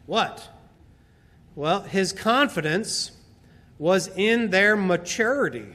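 A man preaching a sermon, slowly and emphatically explaining a Bible passage and repeating key phrases. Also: high voice, animated, bright, forceful tone. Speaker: pastor. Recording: hall reverb.

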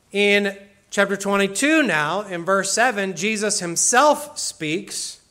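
A man delivers a sermon in a high, bright voice. He explains each point with emphasis and slips into casual asides. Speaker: pastor.

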